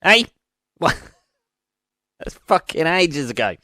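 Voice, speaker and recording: A man's voice: medium pitch, measured pace, a bit bright, clear, resonant tone, no echo, clean studio sound. A man hosting his own podcast as a comedian, rambling in a sweary, self-mocking way. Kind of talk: rambling casual monologue. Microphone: studio podcast mic.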